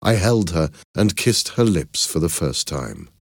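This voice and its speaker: A man narrating a first-person adventure audiobook in a measured, expressive way. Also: low-pitched, creaky, dry recording, studio quality.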